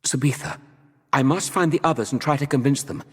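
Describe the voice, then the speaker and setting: A man's voice: medium pitch, brisk, slightly rough, in a large hall, voice pushed up, natural voice. A man voicing an urgent, pleading young woman. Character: brave, desperate young woman teacher.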